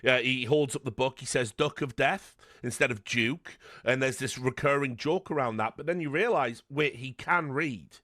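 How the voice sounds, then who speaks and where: A man's voice: medium pitch, a little fast, few pauses, a bit bright, no room sound, studio quality. A man hosting a film podcast, talking things through analytically in casual chat. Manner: analytical, many restarts and fillers. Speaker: podcast host.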